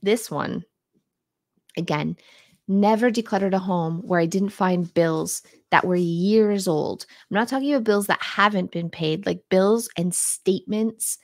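A woman talks straight to her viewers in a loose, playful live-stream chat. She is frank and chatty. Her voice sits in a middle pitch and is recorded close and dry with no room sound. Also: no echo. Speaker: decluttering livestream host. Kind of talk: casual livestream chat reading comments.

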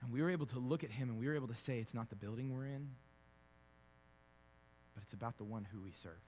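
A man preaching a sermon as a pastor, shifting from quiet conversational storytelling with fillers to loud, emphatic preaching. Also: medium pitch, fast, a little hiss or hum. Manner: conversational, with fillers and repeated words. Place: church sanctuary.

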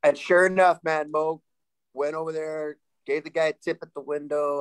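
A man in his sixties from Sacramento, California, telling lively stories as a panel guest, laughing and restarting often. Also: on the high side, moderate pace, smooth, low-quality recording. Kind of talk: casual storytelling.

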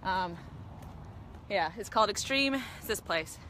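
A woman's voice: medium pitch, lively intonation, a little slow, sharp tone, slight background noise. A woman filming a confrontation on her phone in an outdoor parking lot, shaken and pleading. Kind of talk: phone video rant. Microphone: handheld phone.

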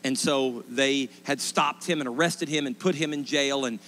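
A man in his forties, a pastor preaching a sermon, telling stories emphatically and rising to loud impassioned pleas. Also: mid-range voice, normal speed, a little hiss or hum. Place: church sanctuary.

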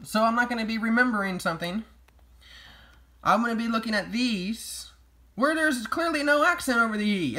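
A man's voice: high voice, pushed and bright. A man delivering sarcastic, mock-outraged comedic commentary as a vlogger. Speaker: YouTube vlogger.

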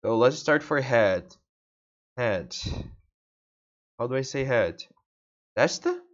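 Portuguese-speaking guy muttering to himself while he studies, slow, kinda muffled lo-fi sound. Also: mid-range voice, lively intonation. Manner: muttering to himself, repeating words. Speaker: language learner. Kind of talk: thinking-aloud self-study vlog.

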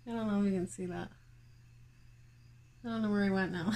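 This plant vlogger talks straight to viewers from inside her home in a chatty, giggly way, leaning heavily on fillers. She has a mid-range, darkish voice with fairly even intonation and a brisk pace, with a little hiss or hum in the background.

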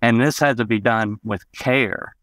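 A man's voice: medium pitch, steady tone, a little slow, fairly bright tone, no room sound. A man from Arkansas, telling personal memories as an interview guest, rambling with many "you know" asides.

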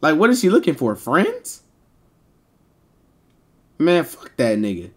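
A man streaming live and chatting with his viewers in animated, joking banter full of slang and swearing. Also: on the high side, unhurried, long pauses, breathy edge.

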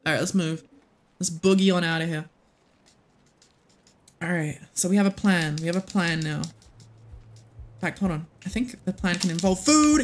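Streamer, casual game commentary, excitable, foul-mouthed, medium pitch. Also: normal speed, faint music behind. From United States. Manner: excitable, swears often, talks to the game and chat. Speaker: livestreamer. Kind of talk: casual live gameplay commentary.

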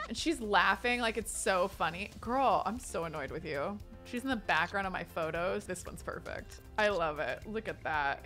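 A young woman giving casual, animated commentary while playing a life-simulation game, now and then reading the game's text aloud. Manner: chatty and animated, jumping up high for excited squeals. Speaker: gaming streamer.

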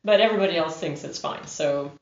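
A woman's voice: low voice, fast. A woman who narrates and produces audiobooks talks animatedly in an interview, laughing often. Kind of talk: interview conversation. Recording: roomy, muffled recording.

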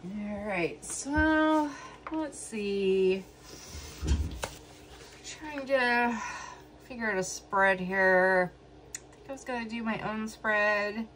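An emotional woman in an unhurried tarot reading, thinking aloud as she pauses between words. Her voice sits at a middle pitch and her pace is slow. A faint hum of room tone sits behind her. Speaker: tarot reader. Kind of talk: casual solo tarot reading.

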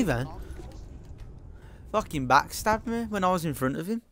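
A young man streams a game with friends, his voice gravelly and rough. He swears, laughs and bursts out excitedly as he plays, with a faint hiss of ambience behind him. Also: a little high, moderate pace. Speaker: gaming streamer. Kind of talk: casual gameplay commentary with friends.

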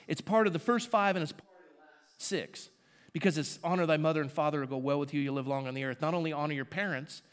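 Male pastor, fairly high voice, chatty sermon delivery with rhetorical questions. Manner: conversational preaching with rhetorical questions; asides to the congregation.

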